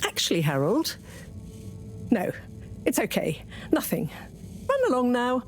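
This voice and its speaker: Older woman scientist, brusque, exasperated, lively pitch. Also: slight background noise. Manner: brisk, exasperated. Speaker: professor.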